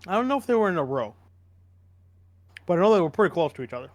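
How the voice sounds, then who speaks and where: A man's voice: high-pitched, very animated, fast talker, dry recording. Rambling man talking sports, dry mic. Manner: rambling, restarts often, opinionated. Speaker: podcast co-host. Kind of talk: casual sports chat.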